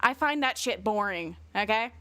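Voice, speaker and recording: A woman's voice: medium pitch, expressive, normal speed, fairly bright tone, dry recording. A woman streamer chatting casually and bluntly, rambling and swearing a lot. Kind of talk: casual livestream chat.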